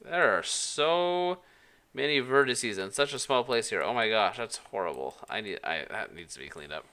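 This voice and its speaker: Chatting on a casual live stream while working, a woman muses aloud and judges what she's making. She speaks at a normal speed in a rumbling low, expressive voice with a slightly bright edge.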